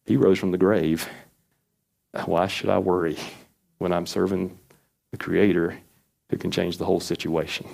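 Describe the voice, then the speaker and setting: Guy preaching, earnest and chatty, dark mellow voice. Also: flat delivery, moderate pace, vocal fry, pauses often. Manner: earnest, acts out quoted prayers with rising pitch. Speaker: pastor. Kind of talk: sermon.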